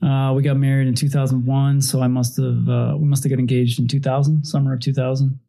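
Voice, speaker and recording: Animated man in his forties telling stories as a podcast guest; warm, mellow mid-range voice. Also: medium pitch, fast, vocal fry. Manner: animated, laughing, acts out quotes. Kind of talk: casual storytelling chat.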